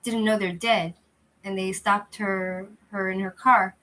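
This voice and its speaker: Through a lousy, cheap microphone and a rough recording, a woman hosts a casual livestream chat with viewers. Her mid-range voice is steady, bright and forceful, delivered at a measured pace. Her manner is loose and chatty, rambling with frequent restarts.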